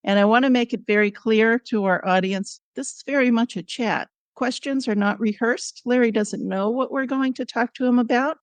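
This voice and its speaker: A woman's voice: a little high, normal speed, few pauses, no echo. A woman hosting an interview podcast, friendly and joking in a casual chat. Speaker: podcast host.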